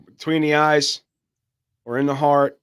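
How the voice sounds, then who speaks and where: A man's voice: fairly high pitch, little pitch movement, unhurried, fairly bright tone, clear, resonant tone. A man co-hosting a podcast in casual, joking banter, swearing freely. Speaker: podcast co-host.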